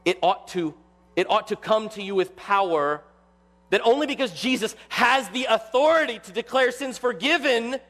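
Animated high-voiced male preacher. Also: in a large hall. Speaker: pastor. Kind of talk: sermon.

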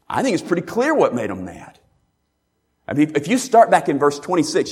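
A pastor with a somewhat high, darkish voice preaches emphatically, posing rhetorical questions and repeating key phrases. A long reverb from a large hall fills the recording.

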